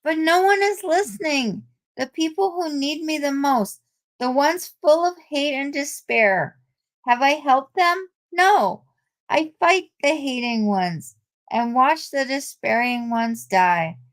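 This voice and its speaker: A woman's voice: high voice, animated, takes it slowly, voice pushed up. A woman reading the lines of an earnest young superheroine princess in a comic read-aloud, pleading and troubled.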